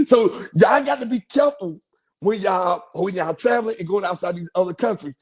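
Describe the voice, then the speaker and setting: A male podcast host with a notably high voice tells a story in a loose, slangy way. He acts out the quotes with a raised, animated delivery. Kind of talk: casual storytelling.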